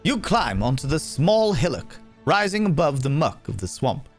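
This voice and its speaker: A man narrating as game master for a streamed tabletop game, unhurried and dotted with fillers. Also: a little high, big pitch swings, soft background music.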